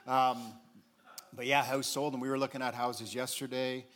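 A man's voice: medium pitch, flat delivery, normal speed, fairly bright tone. A middle-aged man giving a sermon, telling a family story with chuckles and call-outs to the congregation.

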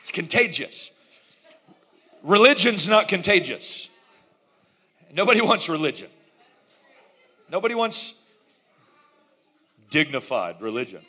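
A middle-aged pastor preaches with a high, bright and forceful voice. He jokes and laughs with his congregation as he goes, animated and playful. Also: unhurried, long pauses, slightly rough. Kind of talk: sermon.

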